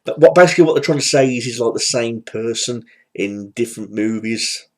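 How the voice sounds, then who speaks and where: A man's voice: mid-range voice, fairly quick, darkish tone. A man giving a casual, rambling spoken film review, full of fillers and restarts. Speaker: movie reviewer.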